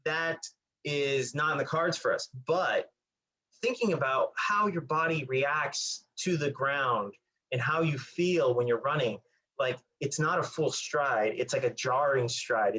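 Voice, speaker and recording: Man, mid-pitched voice, casual coaching talk, relaxed, lots of "like". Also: husky, poor audio. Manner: relaxed explaining, many "like"s. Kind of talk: casual chat.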